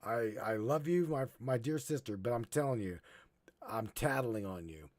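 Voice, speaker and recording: A man hosting a live stream, rambling and swearing, halting and choked up as he talks. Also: mid-range voice, lively intonation, darkish tone, no echo. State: choking up. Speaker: podcast host. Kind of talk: emotional live-stream monologue.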